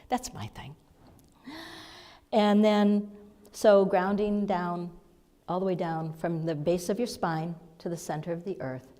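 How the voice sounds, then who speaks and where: A woman giving a chatty, meandering spiritual talk to a congregation, now and then dropping to a hushed whisper, recorded in a spiritual center hall. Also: low voice. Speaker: spiritual speaker and sound healer. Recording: long hall reverb.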